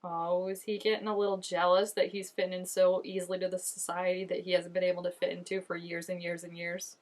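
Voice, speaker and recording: A woman in her twenties giving chatty, animated reaction commentary while watching an episode, with lots of "like" fillers. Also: lowish voice, fast. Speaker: reaction channel host.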